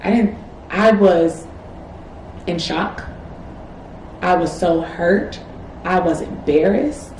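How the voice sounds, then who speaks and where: Woman in her twenties, lowish voice, candid reflective vlog talk, echoey room with faint background hum. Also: takes it slowly, pauses often, darkish tone. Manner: reflective, self-encouraging, frequent "like" fillers. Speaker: medical student vlogger.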